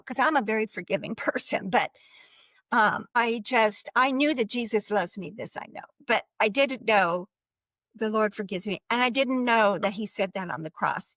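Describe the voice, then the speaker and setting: A woman giving a personal faith testimony as a guest, talking in an earnest, halting way with restarts and light laughs. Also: mid-range voice, a bit bright, no echo, rough recording. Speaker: guest sharing her life story.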